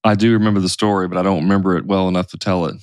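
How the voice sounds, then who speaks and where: Podcast co-host, adult man, very low voice, dry close sound, candid and rambling. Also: fairly even intonation, racing, dry recording. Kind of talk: casual chat.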